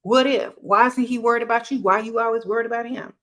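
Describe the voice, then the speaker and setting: A woman's voice: a little high, steady tone, fast talker, fairly bright tone. Brash scolding woman. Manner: brash, scolding, mocks others in a whiny voice. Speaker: relationship advice vlogger. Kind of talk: blunt advice rant.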